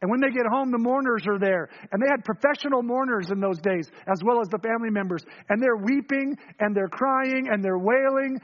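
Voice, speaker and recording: A man preaching a sermon, telling the story and acting out quoted voices, swinging from quick, loud runs to low, hushed lines. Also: muffled recording.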